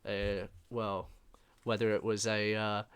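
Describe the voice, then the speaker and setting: A man's voice: fairly low pitch, little pitch movement, slow pace, fairly bright tone, clean tone, no room sound. A man hosting a music podcast in casual chat, joking dryly and hesitating often with "uh". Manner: dry jokey asides, frequent "uh" hesitations. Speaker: podcast host.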